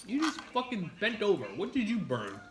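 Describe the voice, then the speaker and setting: A man's voice: high-pitched, wildly swooping pitch, moderate pace. A man chatting casually while eating on a home video, joking crudely and rambling through his advice. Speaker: mukbang vlogger. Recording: roomy with clear background noise.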